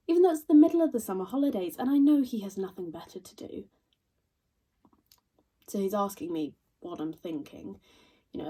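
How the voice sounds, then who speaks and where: A sardonic young woman in her twenties delivers a stage monologue full of dry, crude asides. Her voice is dark and a little husky. She sounds a touch distant from the mic. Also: mid-range voice. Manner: wry, deadpan, crude asides. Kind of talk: theatrical monologue.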